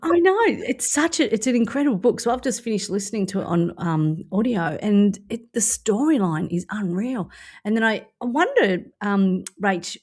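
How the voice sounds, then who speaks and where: A woman's voice: mid-range voice, expressive, normal speed, a little mellow. A woman with an Australian accent hosting a podcast, chatting enthusiastically and laughing often. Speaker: podcast host. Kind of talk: casual chat.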